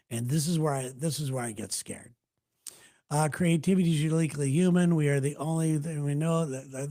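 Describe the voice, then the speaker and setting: A man's voice: on the high side, darkish tone. Candid rambling male radio host. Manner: candid, rambling, self-deprecating. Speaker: radio host doing a live chat show. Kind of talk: casual chat answering viewer comments.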